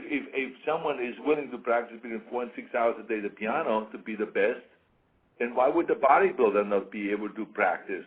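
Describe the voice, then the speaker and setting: Man, interview guest, emphatic and repetitive, mid-pitched voice, tinny phone-like radio sound. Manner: emphatic, repeats points, acts out quoted voices. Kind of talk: casual interview talk.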